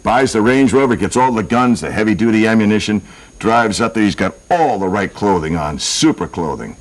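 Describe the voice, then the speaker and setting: A man spins a long comic story and keeps laughing at his own jokes. His voice is very deep but animated, jumping around widely in pitch as he builds up the gags. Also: normal speed, poor audio. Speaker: joke teller.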